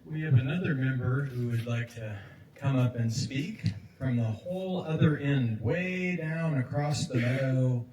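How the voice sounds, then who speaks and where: A man's voice: medium pitch, measured pace. Casual man emceeing an outdoor memorial. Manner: casual, lightly joking. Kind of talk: introducing speakers. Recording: echoey, distant, crowd behind.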